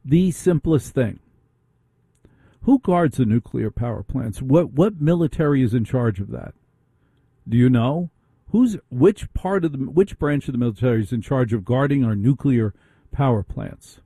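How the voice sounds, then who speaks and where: A man's voice: mid-range voice, animated, normal speed, warm tone, breathy edge, no echo. A man hosting a radio talk show, ranting through a monologue full of rhetorical questions.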